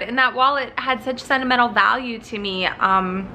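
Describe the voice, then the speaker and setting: A young woman telling a story to her phone camera at home in a chatty, animated vlog style. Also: on the high side, normal speed, few pauses, a little hiss or hum. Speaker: vlogger. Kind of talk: casual vlog chat. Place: home apartment.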